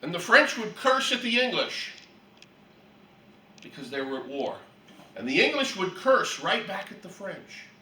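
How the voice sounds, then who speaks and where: A man teaching a Bible class who tells stories with lively energy and often clears his throat. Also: high voice, a little slow, pauses often. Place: room for a church class. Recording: echoey room, distant mic.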